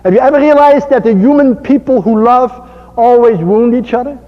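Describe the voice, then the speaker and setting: A man with a Dutch accent giving an earnest spiritual talk as a priest, slow and emphatic, repeating his phrases. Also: extremely high pitch. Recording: muffled archival recording in a reverberant hall.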